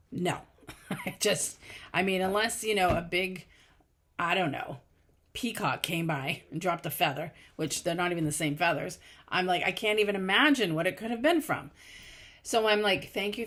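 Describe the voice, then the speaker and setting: A middle-aged woman hosting a podcast, telling personal stories in an earnest, casual spiritual talk with lively quoted asides. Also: on the low side. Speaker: podcast host.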